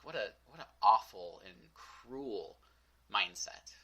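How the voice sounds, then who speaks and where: A man's voice: on the low side, expressive, slow pace, bright, forceful tone, breathy edge, low-quality recording. A young man hosting a podcast, telling a personal story in a candid, reflective way with many fillers. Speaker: podcast host.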